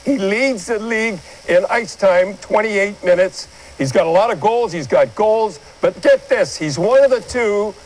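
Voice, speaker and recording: A man's voice: high-pitched, unhurried, rough recording. An older man giving blunt, rambling hockey commentary and pointing viewers at replays in a studio. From Canada. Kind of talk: opinionated sports commentary.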